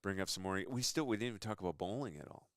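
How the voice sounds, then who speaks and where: A man's voice: lowish voice, animated, rapid-fire. A young man hosting a casual interview chat, talking enthusiastically and rambling between points. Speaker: show host.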